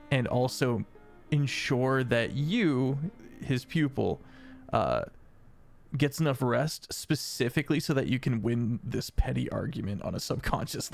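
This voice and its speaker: Gravelly-voiced man as dungeon master. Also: mid-range voice, expressive, unhurried, faint music behind. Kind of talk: narrating a tabletop game.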